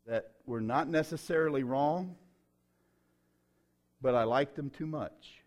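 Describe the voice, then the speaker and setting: A middle-aged man, preaching his own testimony in a folksy, emphatic way with sudden loud bursts. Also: medium pitch, slow, pauses often. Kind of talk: sermon testimony.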